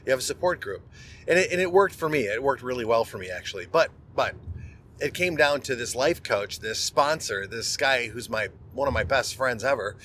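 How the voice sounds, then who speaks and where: A man's voice: mid-range voice, fairly bright tone, a little hiss or hum. A middle-aged man, a podcast host, telling a personal story in a candid, conversational monologue and often restarting words.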